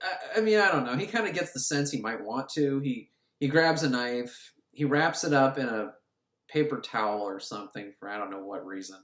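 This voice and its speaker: A man's voice: on the high side, sing-song, normal speed. A man giving a crude, sarcastic, rambling comic recap of a movie in a roomy space. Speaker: film reviewer. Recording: roomy echo.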